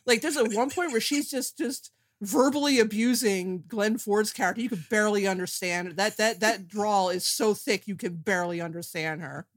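A woman co-hosting a casual movie review chat, animated and blunt, laughing as she talks. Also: medium pitch, normal speed, few pauses, dry recording. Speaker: podcast co-host.

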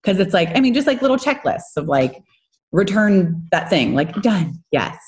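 A woman in her thirties, a guest in casual podcast chat, talking in a chatty, animated way with lots of fillers and quick laughs. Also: medium pitch. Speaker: guest, home organizing business owner.

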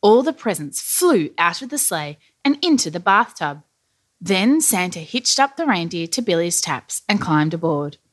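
Lively, slow-paced woman storyteller. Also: fairly low pitch. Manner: animated, playful storyteller. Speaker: storybook narrator. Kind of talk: children's story reading. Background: faint music.

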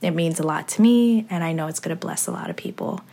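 A mother hosts a heartfelt podcast with her son in a low, gravelly voice. She speaks earnestly, leaning on her faith and plenty of fillers along the way. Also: fast talker, mellow.

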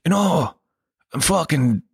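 A man's voice: on the high side, animated, slow pace, gravelly, slightly rough, no room sound, clean studio sound, pitched above the performer's own voice, exaggerated voice. A man putting on a Scottish accent, playing a swearing man desperate for a drink. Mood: craving. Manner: exaggerated, craving, swearing.

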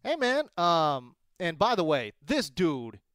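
Animated man co-hosting a podcast. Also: a little high, takes it slowly, no echo, clean studio sound. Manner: animated storyteller, exclamatory. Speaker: podcast co-host. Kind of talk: casual chat.

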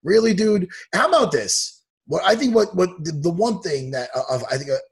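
A man's voice: high voice, expressive, brisk, husky. A man, an MMA coach, chatting casually on a podcast, ranting heatedly and swearing a lot. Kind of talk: casual chat.

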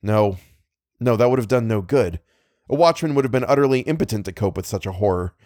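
A man voicing a distraught gentleman who blames himself and speaks urgently about a danger on the loose. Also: fairly low pitch, expressive, a little fast, dry recording, clean studio sound, natural voice. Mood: alarmed. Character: agitated, self-blaming man in alarm.

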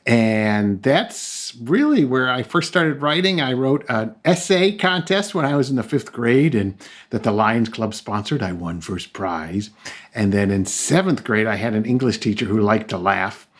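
Middle-aged male guest, humorous anecdotal teller, mid-pitch. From Buffalo, New York, raised in Tennessee. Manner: jokey storyteller, puts on voices in anecdotes. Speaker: author guest. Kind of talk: interview chat.

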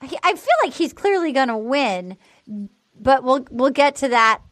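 High-voiced woman gushing over a show. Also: moderate pace, no room sound, studio quality. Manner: animated retelling, acting out quotes in voices. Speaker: podcast co-host. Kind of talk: casual chat, recapping a dating show.

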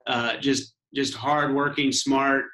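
A man's voice: medium pitch, level tone, sharp tone. Guy from arizona talking easy, lots of restarts, echoey room sound. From Arizona, USA. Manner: unhurried, with frequent restarts. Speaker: guest, commercial real estate owner. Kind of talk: casual interview talk.

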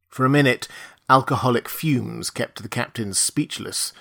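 A male narrator reading a classic adventure novel aloud. His voice sits in a middle pitch, and he paces the telling in a measured, even way. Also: creaky. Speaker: audiobook narrator. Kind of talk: scripted narration.

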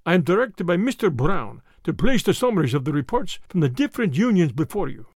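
Narrator doing a german agent, clear and stiff, very up and down. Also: male voice, sits high, sing-song, a little fast, darkish tone, no room sound, clean studio sound, full character voice. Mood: formal. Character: clear-voiced German male agent, businesslike.

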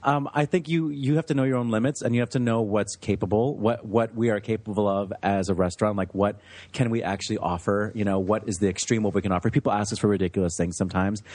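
Restaurant owner, male, German native, low-pitched, dry close sound, chatty storyteller. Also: quick pace, no echo. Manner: chatty, animated storyteller, laughs easily. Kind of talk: podcast interview.

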